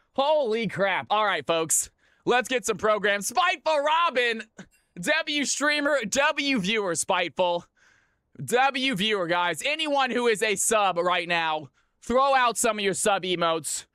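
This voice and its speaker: A man hosting viewer games on a live stream, talking excitedly and chatting with his audience. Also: very high-pitched, smooth, no room sound, clean studio sound.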